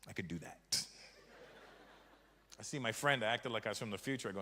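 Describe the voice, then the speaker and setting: A man from Canada doing a stand-up comedy set, teasing the crowd in an animated, mocking way that rises to shouts. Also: on the low side, a little fast. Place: large comedy venue with audience. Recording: live stage recording in a reverberant hall.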